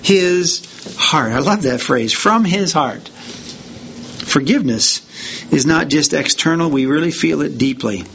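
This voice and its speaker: A man with a fairly high voice preaches a sermon, lifting his voice as he reads scripture and then dropping into plain, conversational asides. The recording is dull and lo-fi, with a faint hiss underneath. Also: lively intonation, a little slow, gravelly, a bit bright. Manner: rises in pitch and volume when reading verses aloud; conversational asides between readings. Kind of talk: sermon reading and explaining scripture. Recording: dull lo-fi sound with faint noise.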